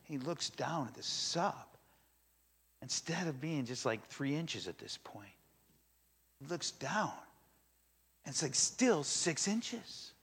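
A man preaching a sermon, retelling a story in a casual, animated storytelling way. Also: on the high side, takes it slowly, pauses often, slightly rough. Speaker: pastor.

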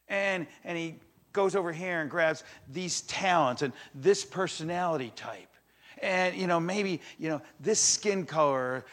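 An older male pastor delivers a sermon to a room full of people, with a voice sitting a little high for a man. He tells his story with animated energy and acts out the voices of the people in it. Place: church in front of a congregation.

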